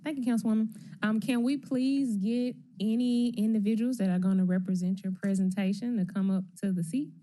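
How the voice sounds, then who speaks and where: A woman's voice: mid-range voice, fairly even intonation, a little fast, mellow. A woman chairing a city council committee, talking in a casual, friendly way. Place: council chamber.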